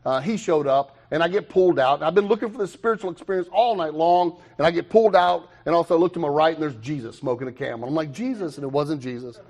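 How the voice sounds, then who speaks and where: A young man telling his own recovery story to a meeting, animated, with quick asides and self-mocking humor. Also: a little high. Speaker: recovery speaker.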